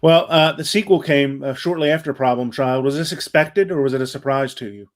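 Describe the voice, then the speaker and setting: A man's voice: mid-range voice, brisk. A man hosting a live fan Q&A over video call, reading out viewer questions. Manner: reads fan questions, short agreeing replies. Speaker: host. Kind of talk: live Q&A interview.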